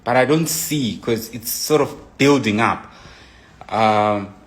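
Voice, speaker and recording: A man's voice: on the low side, slow. A young man casually telling a personal relationship story, rambling with many restarts and frequent asides. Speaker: guest telling his side of a breakup.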